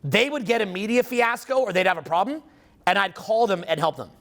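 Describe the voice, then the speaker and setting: A man's voice: high-pitched, fairly quick, a bit bright. A man giving a live seminar talk as a social skills coach, swearing freely, speaking with emphasis and firing questions at the room. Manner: profane, emphatic, quizzes the audience.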